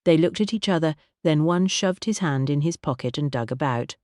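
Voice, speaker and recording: A narrator reads a mystery novel in a measured, even storytelling voice. The pitch sits in the middle. The recording is close and dry, with no room sound. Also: dry recording. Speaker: audiobook narrator. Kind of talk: scripted narration.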